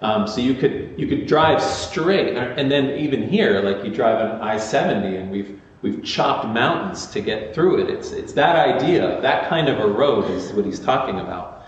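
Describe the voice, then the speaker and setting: A man's voice: mid-range voice, lively intonation, normal speed, slight background noise. A man preaching a sermon as pastor, talking conversationally with fillers and restarts. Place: large echoey church sanctuary. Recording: echoey muffled church recording from far off.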